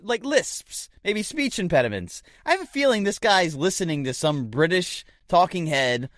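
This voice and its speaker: A man's voice: high voice, sing-song, moderate pace, fairly bright tone, dry recording, studio quality. A man co-hosting a casual podcast, rambling through jokes and riffs, calling his partner man and dude. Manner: rambling, riffs with jokes and bits of mock voices. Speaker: podcast co-host.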